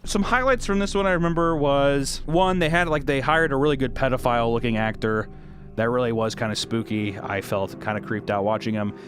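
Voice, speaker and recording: A man's voice: mid-range voice, brisk, fairly bright tone, soft background music. A young man giving sarcastic, profane comedic commentary while reviewing old movies. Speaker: video reviewer.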